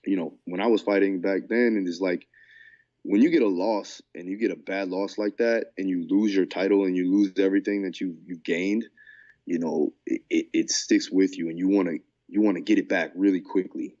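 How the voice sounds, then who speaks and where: A man's voice: sits low, steady tone, normal speed, mellow, lo-fi sound. A man co-hosting a podcast as a fight coach, talking in a laid-back, casual way and often saying "man". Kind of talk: casual chat.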